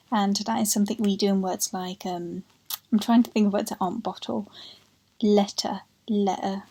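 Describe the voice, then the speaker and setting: A woman's voice: mid-range voice, warm tone, slightly rough, rough recording. A young woman from the Black Country with a Black Country accent, explaining things in a chatty, carefully enunciated way as she talks to camera. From Black Country, England. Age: young adult. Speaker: vlogger. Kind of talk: casual talk to camera.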